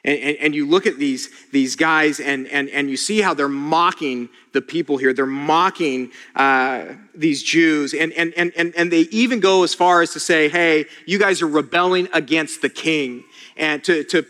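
A fairly high, bright-voiced man preaching a casual, earnest sermon. He stumbles and repeats words as he presses his point to the congregation. His voice rings with the long reverb of a big hall. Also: moderate pace, hardly any pauses. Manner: earnest, repetitive stammering restarts, addresses listeners as "you guys". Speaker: pastor.

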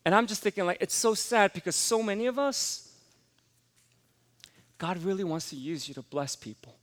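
A man preaching a sermon as pastor, emphatic and rising to forceful exhortation. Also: a little high, big-room sound.

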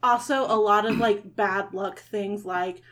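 A woman's voice: mid-range voice, steady tone, unhurried. A woman narrating as game master of a tabletop game, rambling with lots of fillers.

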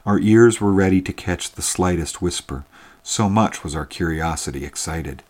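A man narrating a classic tale in a measured, even reading. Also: sits low.

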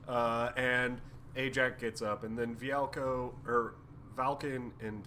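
A man's voice: mid-range voice, little pitch movement, takes it slowly, pushed and bright, a little hiss or hum. A man co-hosting a podcast who retells a comic in casual chat, jokingly acting out the characters' lines with crude humor. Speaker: podcast co-host.

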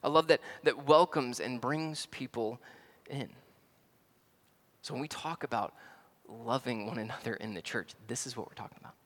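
A man from the American South with a Southern accent, preaching a sermon as pastor, stressing words loudly, dropping to quiet asides, and often restarting phrases. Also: medium pitch, moderate pace, pauses often, in a large hall. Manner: emphatic, swings between loud stresses and quiet asides.

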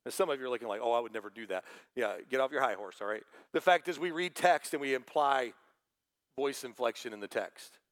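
A man's voice: medium pitch, expressive, brisk. A man preaching a sermon to a congregation, talking in a conversational way and quoting scripture. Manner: conversational preaching with quoted asides. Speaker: pastor.

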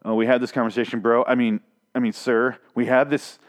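A man voicing a blunt, threatening male leader with low, hushed threats. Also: little pitch movement, fairly quick, close to an everyday voice.

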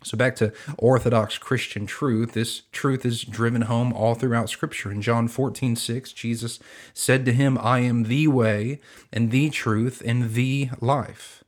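A man hosting a podcast teaching Bible Greek, earnest and measured, slowing down to quote scripture. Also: medium pitch, fairly even intonation.

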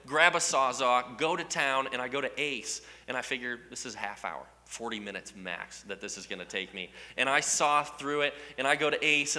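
Male storyteller, sharp bright tone, self-mocking, talks to the crowd, reverberant hall. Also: medium pitch. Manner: animated, self-mocking, asks the audience questions. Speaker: speaker addressing a live audience. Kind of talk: humorous storytelling to an audience.

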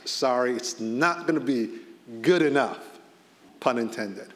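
Speaking at a moderate pace in a mid-range, somewhat bright voice, a Boston-area pastor gives a sermon in a church hall. His tone stays conversational but climbs when he stresses important points. Long hall reverb colors the recording.

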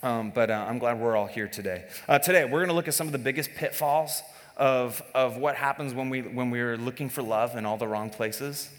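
Joking pastor in a reverberant hall. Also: male voice, medium pitch, brisk. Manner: conversational and joking, with filler restarts. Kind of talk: sermon. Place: church service.

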